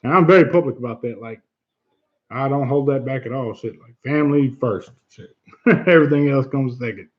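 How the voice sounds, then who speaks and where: Speaking at a normal speed in a mid-range voice, a man runs a casual livestream chat. He's blunt but earnest, curses freely, and says things more than once to drive them home. The recording lacks high frequencies.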